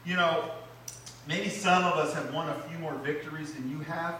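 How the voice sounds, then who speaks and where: A man's voice: moderate pace, a little hiss or hum. Man preaching in an echoey church. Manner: animated preaching, rising loud on repeated phrases, dropping low for emphasis. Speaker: pastor. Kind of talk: sermon. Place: church sanctuary. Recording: echoey church hall, mic at a distance.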